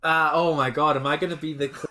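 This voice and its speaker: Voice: mid-range voice, steady tone, quick pace, pushed and bright. Brief: Scottish co-host, playful and giggly, casual gaming-podcast chat. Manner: giggly, riffs and repeats words. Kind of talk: casual chat about a tabletop campaign.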